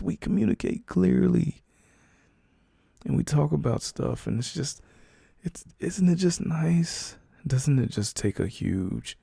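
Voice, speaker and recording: A man speaking softly and soothingly as a caring boyfriend in a whispered role-play. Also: deep voice, creaky, slightly rough, no echo, clean studio sound. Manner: soft, slow, soothing reassurance.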